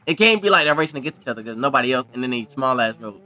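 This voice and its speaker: A man hosting a reaction video, with excitable, exclamatory commentary full of profane slang. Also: medium pitch, rapid-fire, highs cut off.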